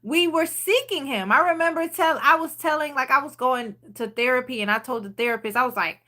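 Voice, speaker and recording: A woman with a high, bright voice talks casually to her viewers about faith. She rambles freely and stops to read out their comments. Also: expressive, normal speed. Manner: chatty and rambling, reading viewer comments aloud. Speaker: channel host leading a Bible study.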